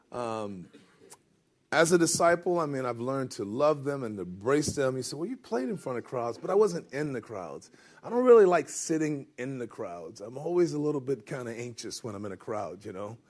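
Animated man preaching a sermon. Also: medium pitch. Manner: animated, acts out the disciples' voices. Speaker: pastor.

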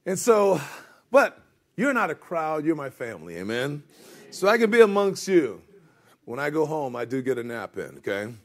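Middle-aged male pastor, animated sermon delivery, lively pitch on a fairly high voice. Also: breathy edge. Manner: animated, acts out the disciples' voices.

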